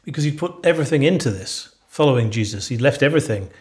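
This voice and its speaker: A man adding quick prompting remarks in a conversational Bible discussion. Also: medium pitch, expressive. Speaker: co-presenter of a Bible podcast.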